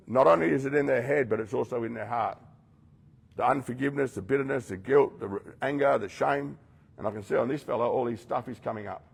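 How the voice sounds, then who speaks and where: Man, very gravelly and husky, blunt rehab speaker who calls out his listeners directly. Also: medium pitch. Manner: blunt, addresses listeners directly, acts out quoted voices. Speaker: rehab program leader speaking to residents. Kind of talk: confronting motivational talk.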